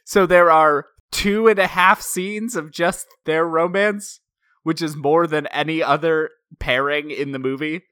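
A man's voice: a little high, steady tone, measured pace, pushed and bright, smooth, no room sound. A man co-hosting a casual movie-review podcast, dry and chatty. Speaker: podcast co-host.

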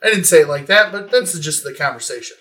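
A man telling a story in a relaxed group chat, animated and swearing casually. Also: on the high side, quick pace.

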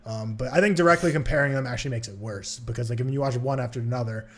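Fast-talking man ranting casually. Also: mid-range voice. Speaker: podcast co-host. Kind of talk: casual chat.

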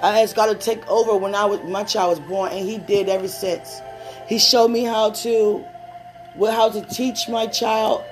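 A woman preaching and praying in a conversational sermon. She mixes personal stories with laughing asides and slows down for prayer. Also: medium pitch, fairly even intonation, soft background music.

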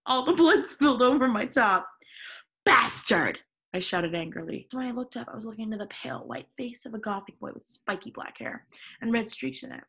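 A woman's voice: a little high, lively intonation, brisk, fairly bright tone, slightly rough. A woman in her twenties hosting a casual podcast, reading a story aloud with theatrical flair and frequent giggles. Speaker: podcast host. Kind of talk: casual dramatic reading with friend.

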